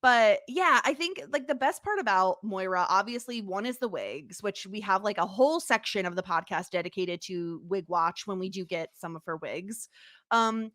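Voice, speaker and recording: A woman's voice: mid-range voice, lively intonation, moderate pace, a bit bright, dry recording, studio quality. A woman co-hosting a podcast in casual chat, talking loosely with many fillers and easy laughter. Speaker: podcast co-host.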